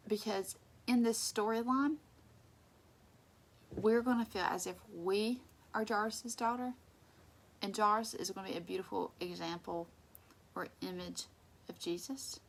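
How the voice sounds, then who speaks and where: A woman leading a casual Bible study, conversational and emphatic, sometimes dropping into soft asides. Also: medium pitch, gravelly, slight background noise.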